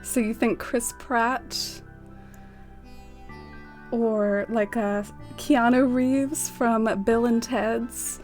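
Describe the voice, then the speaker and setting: A woman's voice: fairly high pitch, fairly even intonation, very slow, a little mellow, soft background music. A young woman streaming a game, chatting bubbly and giggly with her viewers, full of "like". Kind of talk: casual live-stream chat.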